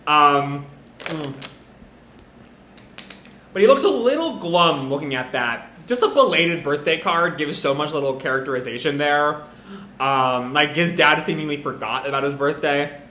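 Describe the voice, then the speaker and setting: Rambling man with a bright voice. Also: a little high, measured pace, a little hiss or hum. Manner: rambling, filler-heavy. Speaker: comic reviewer. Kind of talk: casual live reading reaction. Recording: roomy echo.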